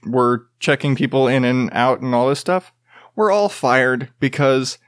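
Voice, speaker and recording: A man's voice: medium pitch, dry recording, clean studio sound. A man hosting a casual news commentary show, rambling and profane, with jokey asides.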